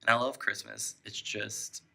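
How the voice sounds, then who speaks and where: Picture a young man with a drawl, chatting loosely on a podcast. His voice sits low and has a gravelly fry, yet the tone comes out very bright. He keeps poking fun at himself. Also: little pitch movement, a little slow. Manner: joking, self-mocking, laughs often. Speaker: podcast host. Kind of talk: casual chat.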